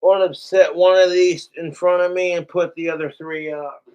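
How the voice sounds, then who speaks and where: A man's voice: high-pitched, flat delivery, normal speed, darkish tone, clear, resonant tone, muffled recording. Profane rambling livestreamer man. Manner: profane, rambling, talks to chat. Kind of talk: casual livestream rant.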